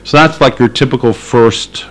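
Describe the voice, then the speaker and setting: A man's voice: medium pitch, moderate pace, rough recording. A man being interviewed, talking casually and hesitantly with many fillers and dry laughs. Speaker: activist interviewee.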